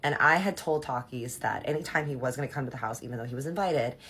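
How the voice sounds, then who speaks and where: Very low-voiced woman telling a story. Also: fast, slightly rough. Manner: animated, gossipy and profane. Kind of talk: casual storytime.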